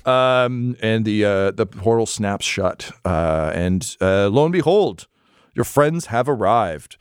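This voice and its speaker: A man's voice: on the low side, expressive, slow pace, clean tone, no echo, studio quality. A man narrating as game master in a casual, swearing style with many fillers.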